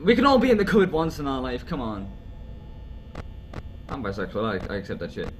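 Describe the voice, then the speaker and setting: A man hosting a horror game let's play, jumpy and excitable, talking to himself and to the game's characters and swearing when scared. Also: medium pitch, fairly quick, a little hiss or hum. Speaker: gaming channel host.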